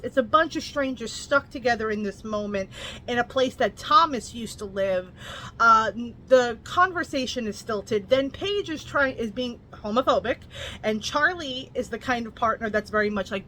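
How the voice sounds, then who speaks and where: A woman with a bright, clear, fairly high voice chats casually about books. She is blunt and swears freely. She retells the plot with energy, dropping into quoted lines as she goes. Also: animated, moderate pace, slight background noise. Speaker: book reviewer. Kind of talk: casual book review vlog.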